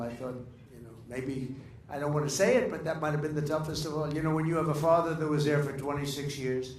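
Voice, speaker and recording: A man's voice: mid-range voice, a little hiss or hum. An older man giving rambling, boastful, anecdotal remarks at a dinner gathering. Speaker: speaker at a political dinner. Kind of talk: off-the-cuff after-dinner remarks. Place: large dining room. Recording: echoey room, faint ambience.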